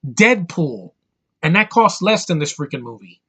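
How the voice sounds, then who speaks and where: A man's voice: on the high side, very animated, moderate pace, bright, forceful tone, slightly rough. A man in his thirties giving an angry, profane movie review rant, hammering his points with emphatic repetition. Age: 30s.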